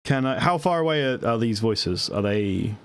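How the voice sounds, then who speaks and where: A man's voice: medium pitch, animated, normal speed, clear, resonant tone. A man playing a tabletop game, talking in a rambling, playful way with many restarts. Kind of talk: casual tabletop game chat.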